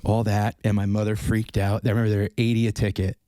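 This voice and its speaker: A man telling stories in casual podcast chat, animated and swearing freely. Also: lowish voice, fast, slight background noise. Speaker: podcast guest.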